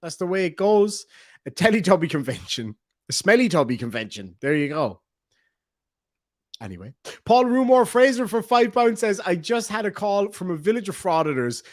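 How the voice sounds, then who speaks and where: A chatty man hosts a livestream, reading donations aloud with a joking, easygoing manner. His voice sits a little high and comes through a close, dry mic with no room sound. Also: very animated, normal speed, no echo. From Ireland. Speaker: livestream host. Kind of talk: casual livestream commentary.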